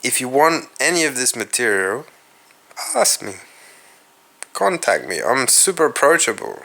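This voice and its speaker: With a medium-pitched voice that is bright and forceful, an Australian man runs his own podcast alone. His style is rambling and reflective, laced with casual profanity and aimed squarely at his viewers.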